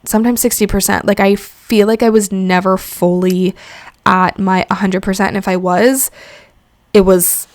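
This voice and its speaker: A woman's voice: mid-range voice, level tone, moderate pace, darkish tone, dry recording. Candid swearing woman podcast host, dry sound. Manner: candid and emotional, frequent swearing and "like" fillers. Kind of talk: solo reflective podcast talk.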